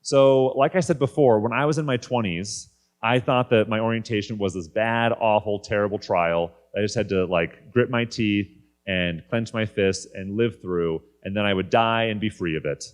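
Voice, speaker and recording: Brief: man, thirties, lowish register, candid conference speaker telling a personal story. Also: moderate pace. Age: 30s. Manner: candid, conversational. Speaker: guest speaker. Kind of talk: personal faith talk. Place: conference stage.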